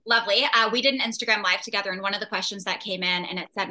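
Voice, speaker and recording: A woman's voice: medium pitch, steady tone, rapid-fire, hardly any pauses, pushed and bright. A woman in her thirties, a guest on a parenting chat, explaining patiently and reassuringly. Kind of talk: casual podcast chat.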